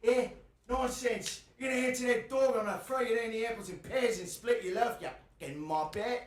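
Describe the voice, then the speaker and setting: A man's voice: very high-pitched, brisk, reverberant, pitched above the performer's own voice. A man voicing a haughty, aggressive character in a put-on cockney accent. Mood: mocking.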